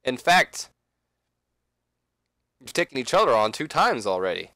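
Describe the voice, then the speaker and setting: A man voicing a smug, taunting veteran male wrestler with a slow, teasing delivery. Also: mid-range voice, sing-song, pushed and bright, no echo, studio quality, exaggerated voice.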